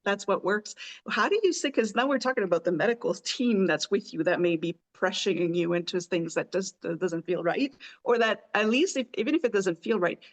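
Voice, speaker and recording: A woman's voice: medium pitch, brisk. Woman podcast host asking winding questions. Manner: asks long, winding questions. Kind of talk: conversational interview.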